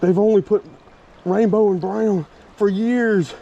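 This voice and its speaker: A man from Virginia, narrating his fishing outdoors by a creek, excitable and chatty with viewers. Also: high-pitched, takes it slowly, creaky, dull audio. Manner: excitable, exclaiming, talks to viewers as y'all. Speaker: fishing vlogger. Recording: faint stream and outdoor noise.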